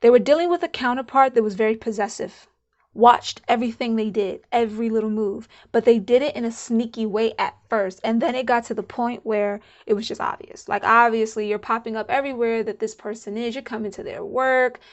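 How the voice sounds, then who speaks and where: A woman's voice: on the high side, steady tone, fairly quick, lo-fi sound. A woman giving a casual channeled spiritual card reading, musing aloud and repeating herself. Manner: chatty, musing, repeats herself, laughs now and then.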